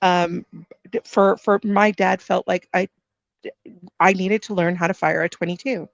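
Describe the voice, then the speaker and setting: Animated storytelling woman, dry close sound. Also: on the low side, normal speed, gravelly, no room sound, muffled recording. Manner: animated, acts out quoted dialogue with repeated restarts. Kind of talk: casual storytelling on a livestream.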